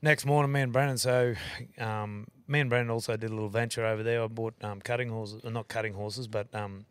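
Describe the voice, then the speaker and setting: Fast-talking Australian man telling yarns. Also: lowish voice, fairly even intonation, clean tone, dry recording. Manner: rambling, swears freely, self-corrects. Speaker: podcast guest. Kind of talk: casual storytelling.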